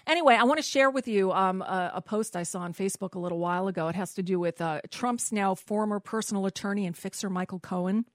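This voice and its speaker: A woman's voice: mid-range voice, fast, few pauses, no room sound, clean studio sound. A woman hosting a political talk radio show, chatting casually, restarting her phrases and reading posts aloud. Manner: chatty, self-interrupting, reads posts aloud.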